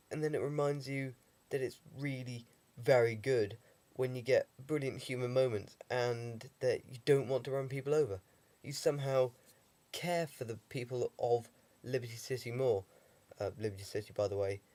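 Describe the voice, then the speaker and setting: A man's voice: mid-range voice, darkish tone. Brief: young guy, stuffy with a cold, mid-range voice, dry rambling vlog humour. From England. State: has a heavy cold. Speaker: vlogger. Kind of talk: casual video diary.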